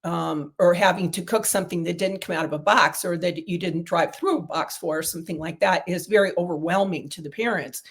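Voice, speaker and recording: A woman's voice: lowish voice, a little fast, gravelly, hardly any pauses. A middle-aged woman, a guest on an interview, telling long stories in casual talk with many fillers and restarts. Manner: rambling, storytelling with many fillers. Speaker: guest, diet protocol developer.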